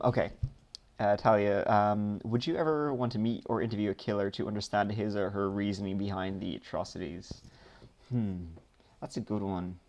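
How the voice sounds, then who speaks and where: A man with a Dublin Irish accent casually reading out viewer questions on a live stream and answering them with lots of ums and rambling asides. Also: lowish voice. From Ireland. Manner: rambling, reads questions aloud then answers with many ums.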